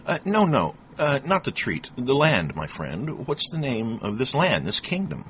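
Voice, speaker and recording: A man's voice: mid-range voice, huge pitch swings, unhurried, fairly bright tone, slight background noise, pitched above the performer's own voice. A man voicing a cheerful, simple-minded traveler who hesitates and stumbles over his words. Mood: confused. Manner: bewildered, hesitant, with "uh" fillers.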